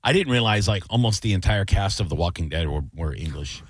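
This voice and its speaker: Male radio host, low voice, loose filler-heavy banter, dry booth sound. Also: lively intonation, fairly quick, no echo. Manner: rambling, filler-heavy, joking. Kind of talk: casual radio chat.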